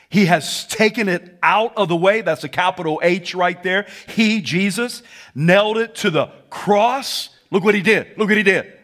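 A male pastor with a notably high voice preaches to a live congregation. He swings between hushed asides and shouted calls, pulling the room into call-and-response. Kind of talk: sermon. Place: church before a congregation.

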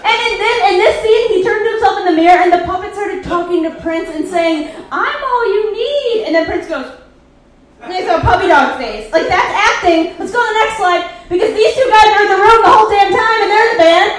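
A woman's voice: very high-pitched, fast, a little hiss or hum. A woman doing live stand-up, recapping a movie over slides with sarcastic, profane asides. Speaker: comedian presenting slides. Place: live comedy venue. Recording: very echoey live room.

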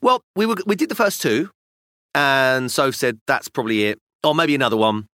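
Lively British dad telling stories. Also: male voice, medium pitch, normal speed, no echo, studio quality. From United Kingdom. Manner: animated storytelling, acting out kids' voices. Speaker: podcast co-host. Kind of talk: casual chat.

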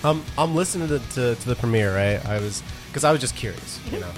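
A man's voice: mid-range voice, animated, fast, music in the background. A young man hosting a casual podcast chat, rambling and often stumbling over repeated words before getting his point out. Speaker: podcast host.

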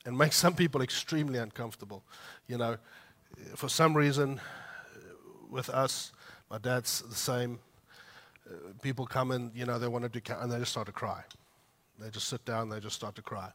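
Guy preaching, bright forceful tone, gets loud then goes soft, chatty asides. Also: mid-range voice, fairly even intonation, normal speed. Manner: heartfelt, builds to loud emphatic peaks then drops soft; conversational asides with light laughs. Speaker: pastor. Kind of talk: sermon.

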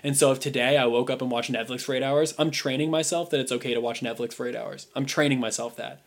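A man's voice: mid-range voice, fairly even intonation, quick pace. A young adult man co-hosting a podcast in casual chat, rambling with many fillers. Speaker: podcast co-host.

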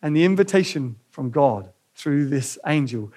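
A man's voice: fairly high pitch, moderate pace. A man preaching a sermon, retelling a story and explaining its meaning to the church. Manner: reads quoted dialogue with lively acted voices. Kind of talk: sermon with dramatic reading.

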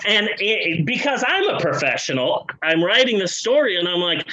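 A man hosting a podcast, telling a funny story in a casual, profane, jokey way with quick asides. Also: high voice, big pitch swings, sharp tone, low-quality recording.

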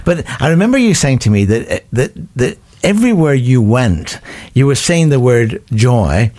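A man presenting a radio interview, asking questions in a gentle, hesitant way with many restarts. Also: mid-range voice, sing-song, normal speed.

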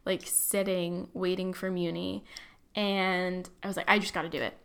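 A woman's voice: lowish voice, level tone, moderate pace, creaky, clean tone. A young woman, a college student, chatting casually about her life, filling her talk with likes and you-knows and poking fun at her own flair for drama. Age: young adult. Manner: chatty, filler-heavy, self-deprecating, dramatic. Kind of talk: casual personal storytelling.

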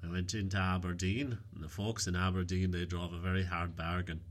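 A man voicing a shrewd, unflappable countrywoman who tells tall tales in a calm, matter-of-fact way. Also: deep voice, brisk. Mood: tall-tale telling.

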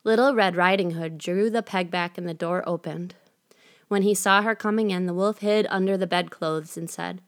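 A woman narrating a fairy tale in a measured, gently expressive storytelling manner. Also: fairly low pitch.

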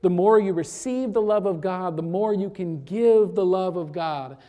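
A woman preaching a sermon and retelling a story to make her point, dropping to a hush for emphasis and then building back up. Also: fairly low pitch, moderate pace.

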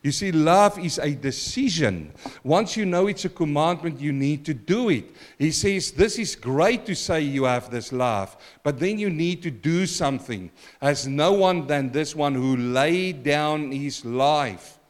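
A middle-aged male pastor giving an emphatic sermon, swinging between loud exclaims and quiet asides and calling for congregation responses. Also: expressive, unhurried. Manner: emphatic preaching with wide swings in loudness and pitch.

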